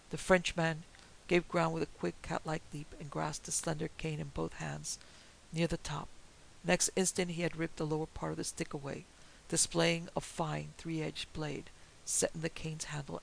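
A man reads a horror story aloud in a measured, even way. His voice is deeply gravelly and sits slightly high, with little rise and fall. A faint hiss runs under the recording. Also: low-quality recording. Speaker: narrator. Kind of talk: storybook narration of a pulp horror tale.

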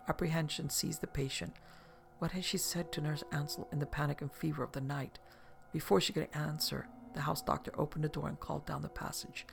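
Very gravelly, measured audiobook narrator. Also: medium pitch, flat delivery. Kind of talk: scripted narration of a novel.

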